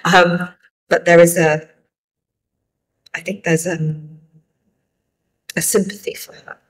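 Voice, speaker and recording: Woman director, middle-aged, husky, reflective interview answers with many restarts. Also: on the low side, level tone, takes it slowly, poor audio. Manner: thoughtful, hesitant with restarts. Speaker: film director. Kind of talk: festival interview.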